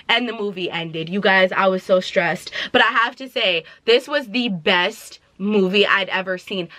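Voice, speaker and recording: Bright-voiced animated young woman vlogger. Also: medium pitch, no echo. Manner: animated, dramatic retelling with slangy asides. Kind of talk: casual movie review vlog.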